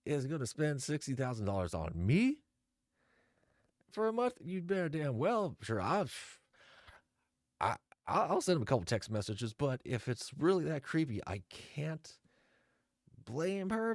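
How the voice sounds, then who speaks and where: A man's voice: on the high side, sing-song, a little slow, no room sound, studio quality. A man giving casual reaction commentary, reading messages aloud in a sarcastic, mocking, exasperated way.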